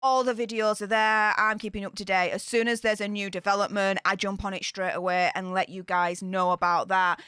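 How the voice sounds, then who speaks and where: A British woman giving scornful live-stream commentary in an excitable voice that swings between shrieks and mutters. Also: mid-range voice, brisk, hardly any pauses, clean tone, dry recording, studio quality. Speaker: royal news commentator.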